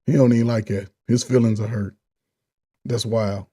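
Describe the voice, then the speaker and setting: A man giving blunt, animated reaction commentary on a dating show clip, talking in casual slang. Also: medium pitch, normal speed, background noise.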